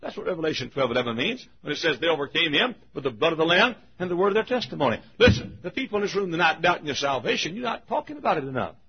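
An older man preaching a sermon, telling a story and acting out the voices, shouting at the high points. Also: racing, hardly any pauses, slightly rough. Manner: animated, acts out voices, shouts at peaks. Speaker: pastor. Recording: muffled lo-fi recording.

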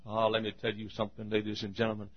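A man preaching a sermon who swings between shouted peaks and hushed, drawn-out lows, often clearing his throat. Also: monotone, lo-fi sound. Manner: frequent throat clearing and coughs.

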